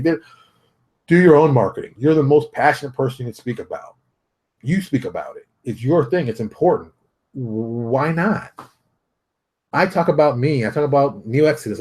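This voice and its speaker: A man's voice: medium pitch, darkish tone. A man hosting his own show, ranting bluntly and repeating himself as he mocks others. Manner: brash, repetitive, mocking put-on voices. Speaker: show host. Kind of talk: blunt motivational rant.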